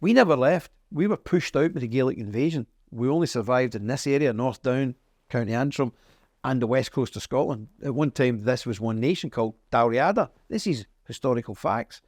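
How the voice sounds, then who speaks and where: Speaking fairly quickly in a slightly mellow, expressive voice, a middle-aged man from Northern Ireland tells history as a guest in a conversational interview. His delivery is emphatic and story-driven with pitch swings, and the studio-quality audio has no echo.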